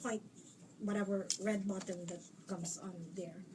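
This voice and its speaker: A woman's voice: mid-range voice, steady tone, a little slow. A middle-aged woman hosting a live chat show interview, bubbly and joking, laughing often. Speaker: talk show host. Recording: distant mic, faint background noise.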